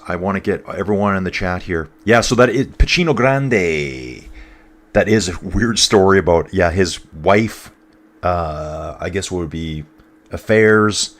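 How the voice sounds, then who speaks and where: A man with a stuffed-up voice giving casual live commentary on a bike race and reading out viewer comments. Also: sits low. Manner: chatty, reads out viewer comments.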